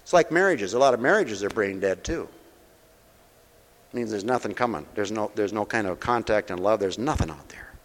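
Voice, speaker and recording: A man preaching a sermon at a mission, folksy and direct, asking his listeners questions, his voice swinging between loud preaching and soft, close talk. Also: on the low side, animated, moderate pace, big-room sound. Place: mission hall.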